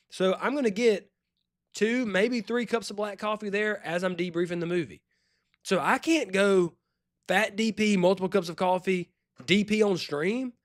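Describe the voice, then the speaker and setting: A man with a Louisiana accent, chatting and joking as he streams a retro game, now and then yelping with excitement. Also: high-pitched, no echo, clean studio sound. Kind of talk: casual live-stream commentary. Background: faint game music.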